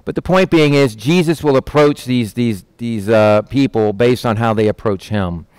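A middle-aged male pastor gives a casual, folksy sermon, speaking directly and plainly to the listeners. The sound is close and dry, with no room echo. His pitch sits in an ordinary middle range for a man. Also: normal speed, a little mellow, clear, resonant tone. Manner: folksy, direct, acts out voices of disciples with a raised pitch. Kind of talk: conversational sermon with Bible reading.

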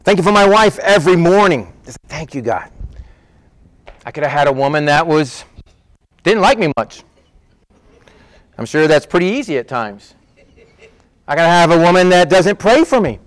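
A man's voice: a little high, lively intonation, moderate pace, pauses often, no room sound. A middle-aged man preaching a conversational sermon, acting out the voices of people in his stories. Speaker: pastor.

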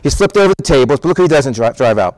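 A man preaching a conversational sermon, emphatic and animated, often repeating words as he drives a point home. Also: mid-range voice, very fast, no echo. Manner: conversational, addresses listeners as "guys". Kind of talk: sermon, Bible teaching.

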